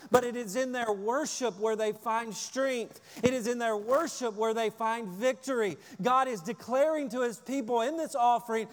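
Male pastor, high voice, emphatic sermon delivery, long hall reverb. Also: normal speed, hardly any pauses. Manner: emphatic, repeats key phrases for stress.

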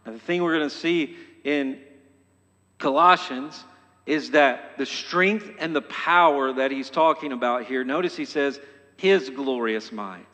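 A pastor preaching a sermon. He is emphatic and often repeats phrases, stumbling and restarting, and builds to loud exhortation. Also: mid-range voice, unhurried. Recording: long hall reverb.

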